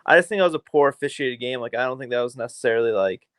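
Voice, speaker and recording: A man co-hosting a sports podcast, talking casually and excitedly about a basketball game with lots of filler words. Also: mid-range voice, racing, smooth, no room sound, clean studio sound. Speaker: podcast co-host.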